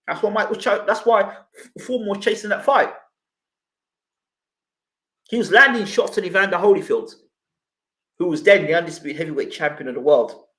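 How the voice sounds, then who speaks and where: Man, high-pitched, animated argumentative boxing talk, echoey room. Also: fairly quick. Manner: animated and argumentative, with rhetorical questions. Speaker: boxing channel host. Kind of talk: live stream commentary and viewer replies.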